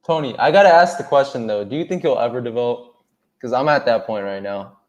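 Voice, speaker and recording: Casual male YouTuber co-host, mid pitch, easygoing filler-heavy talk. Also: fast talker, highs cut off. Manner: relaxed, chatty, heavy on fillers like "like" and "and stuff".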